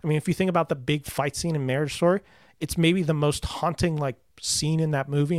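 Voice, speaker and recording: A man's voice: fairly high pitch, no echo, studio quality. A young man in casual conversation as a podcast host, enthusiastic and rambling with fillers. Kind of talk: casual chat about movies.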